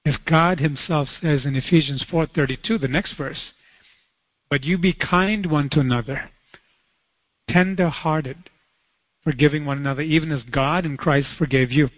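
A male pastor preaching a sermon, telling stories in an animated way and acting out the voices with sudden high cries. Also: a little slow, dry recording, big-room sound, muffled recording.

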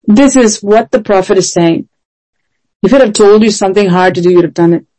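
A woman's voice: mid-range voice, brisk, warm tone, poor audio. A woman preaching a sermon in an earnest, emphatic way, often asking rhetorical questions.

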